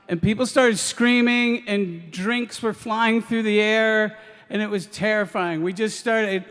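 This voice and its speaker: A man's voice: high-pitched, a bit bright, big-room sound. A man doing live stand-up storytelling, hesitant and full of ums, laughing through his lines. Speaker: stand-up comedian. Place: live radio stage before an audience.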